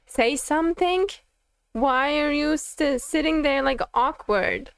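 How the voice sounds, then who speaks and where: A woman's voice: sits high, slow, no echo. Giggly, flustered young woman streamer. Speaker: streamer reacting to a game. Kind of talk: casual gameplay reaction commentary.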